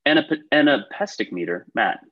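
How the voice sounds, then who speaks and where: Through narrow, tinny audio, a quiz host with a medium-pitched, expressive voice reads trivia questions at a moderate pace over a video call. He adds upbeat, talkative asides in between.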